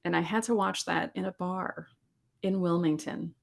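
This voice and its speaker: A woman in her forties hosting a podcast alone, telling sports memories in an animated, candid way. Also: lowish voice, normal speed, gravelly. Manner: animated, candid storytelling with laughs. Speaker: podcast host. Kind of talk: casual solo podcast talk.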